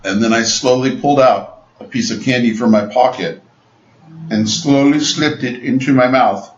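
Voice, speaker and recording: A man's voice: medium pitch, moderate pace. A man co-hosting a comedy podcast, telling stories in a wry, laid-back way. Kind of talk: casual comedic storytelling. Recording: echoey lo-fi room with faint hiss.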